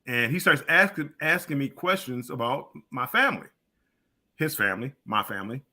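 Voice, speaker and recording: A man's voice: mid-range voice, big pitch swings, moderate pace, pushed and bright. An older man co-hosting a casual live-stream chat, often stammering and restarting as he reasons things out. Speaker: co-host.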